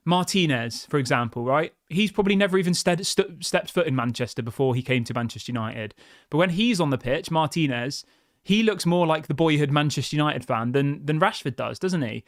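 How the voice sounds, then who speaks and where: Viewer comments are read aloud by a man hosting a football channel, who offers irritated, blunt opinions in a casual manner and says "mate" a lot. His voice is a little high and slightly bright, with studio-quality sound and no echo.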